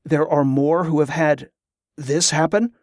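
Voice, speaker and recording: A man's voice: fairly high pitch, steady tone, measured pace, a little mellow, dry recording, clean studio sound, close to an everyday voice. A man voicing a bewildered young man recovering from a grave wound, speaking plainly. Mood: wry. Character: weak, bewildered young man back from near death.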